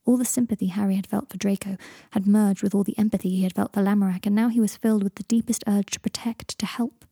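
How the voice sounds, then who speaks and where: A woman reading fan fiction aloud in a soft, hushed manner with a gravelly, husky voice. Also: medium pitch, steady tone, fast, no room sound, clean studio sound. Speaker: audiobook reader.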